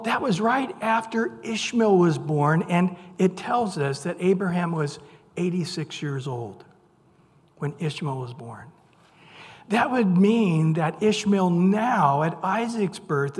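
Delivering a sermon in a bright, high voice, a man tells the story slowly and casually, with humor and lively intonation. He voices the people he quotes in a playful, conversational retelling, and a long reverb makes him ring out as though in a large hall.

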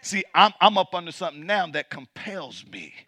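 A man's voice: big pitch swings, moderate pace, no echo. A man preaching a sermon as pastor, reading scripture aloud and calling out questions to the congregation. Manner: builds from low and quiet to loud and high.

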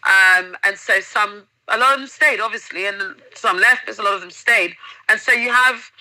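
A woman's voice: mid-range voice, normal speed, pushed and bright, dry recording, low-quality recording. A woman in casual interview chat, telling stories enthusiastically and vividly as a guest. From England.

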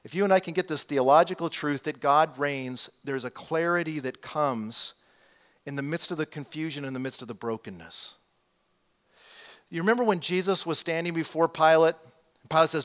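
A middle-aged man preaching a sermon as a pastor, swinging from hushed, low passages to loud exclamations. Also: moderate pace.

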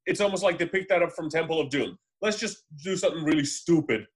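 A man with a somewhat higher voice talks loosely and rambles, stacking up fillers and restarts as he goes. He swears freely and keeps it casual. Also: quick pace, slightly rough. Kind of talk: casual chat.

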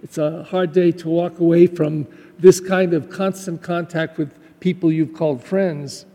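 A man's voice: high voice, warm tone, in a large hall. A man, a Catholic pastor, giving a graduation Mass homily in a church, talking in a heartfelt, conversational way with frequent restarts.

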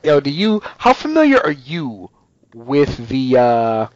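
A man's voice: medium pitch, slow pace, no echo, lo-fi sound. A man telling a story in casual chat, acting out the people in it. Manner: animated storyteller, acts out voices.

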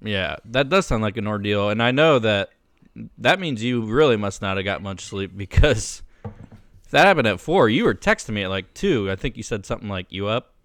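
Easygoing podcast guy, smooth lowish voice, teases his cohost. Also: lively intonation, a bit bright, dry recording, clean studio sound. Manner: easygoing, teasing, quick to laugh along. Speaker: podcast co-host. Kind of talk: casual chat.

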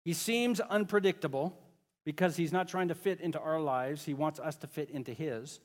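A man's voice: on the high side, fairly quick, in a large hall. A pastor preaching a sermon to his congregation in a casual, conversational way, often joking with the kids and parents.

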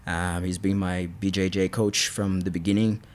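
A man's voice: low-pitched, little pitch movement, moderate pace. A man, a fighter guest on a podcast, telling stories in a rambling, casual way with frequent restarts. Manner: rambling, restarts, laughs often. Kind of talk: casual storytelling interview.

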